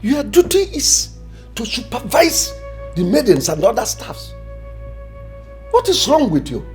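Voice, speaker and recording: A man acting as an imperious king with a wildly swinging voice that leaps from sharp high rebukes to low, dismissive mutters. He lectures and threatens in a period drama, with faint music underneath. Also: wildly swooping pitch, measured pace, heavily acted. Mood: scolding. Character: stern commanding male king, quick to threaten.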